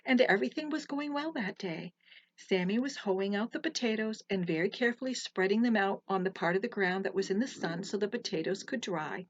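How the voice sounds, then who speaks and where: A woman telling folktales to children in a soft, gentle way, with hushed asides. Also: mid-range voice, fairly quick, dry recording. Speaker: storyteller. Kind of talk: storytelling for children. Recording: slightly muffled, dry recording.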